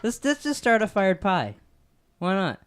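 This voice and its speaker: A man's voice: high voice, very animated, a little slow, a little hiss or hum. Young man telling a defensive story. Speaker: podcast host. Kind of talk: casual chat.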